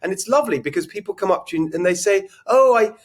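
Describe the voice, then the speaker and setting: A man's voice: sits high, racing. A middle-aged man from England with an English accent, speaking as a guest in a conversational interview, reflective and chatty with frequent restarts. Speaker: political guest.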